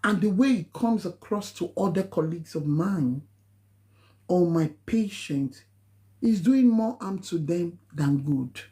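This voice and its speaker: A Nigerian-accented woman speaks in a mellow, darker voice, lecturing her viewers like a preacher. She hammers her points and leaps up in pitch on sharp, insistent phrases. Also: expressive, a little slow. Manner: emphatic, preachy, rising to high exclamations. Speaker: nurse giving a live talk. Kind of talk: impassioned live-stream talk.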